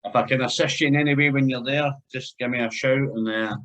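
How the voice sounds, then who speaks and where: Male interviewer, chatty, quick to laugh, video-call audio. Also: mid-range voice, fairly even intonation, fairly bright tone, lo-fi sound. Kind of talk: casual chat.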